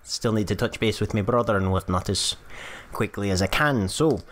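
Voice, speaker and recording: A man gives voice to a hearty dwarf paladin at the gaming table. The voice sits low, and the delivery is a folksy drawl full of aye and wee. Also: normal speed, slight background noise, lightly acted. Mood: wry. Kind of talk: tabletop role-play voicing.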